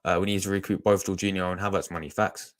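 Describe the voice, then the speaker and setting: A man's voice: sits low, level tone, fast talker. A young man, chatting casually to his live-stream audience as a fan channel host, rambling with lots of restarts. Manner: rambling, chatty, talks to chat, restarts a lot.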